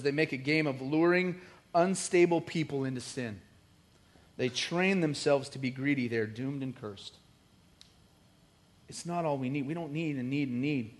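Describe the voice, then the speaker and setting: A middle-aged man preaching a sermon, animated and joking, with rising emphatic bursts. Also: medium pitch. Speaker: pastor.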